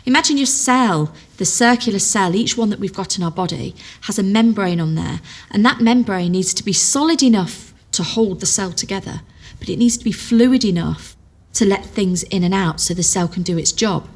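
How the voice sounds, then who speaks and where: A woman nutritional therapist explaining dietary fats clearly, using everyday examples. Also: medium pitch, lively intonation, normal speed. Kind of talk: explanatory talk.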